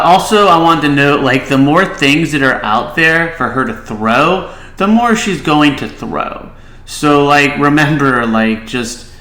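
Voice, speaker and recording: Bright-voiced man giving casual advice. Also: on the high side, roomy sound, low-quality recording. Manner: casual advice with frequent "like" fillers. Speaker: child behavior specialist. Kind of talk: reaction video commentary.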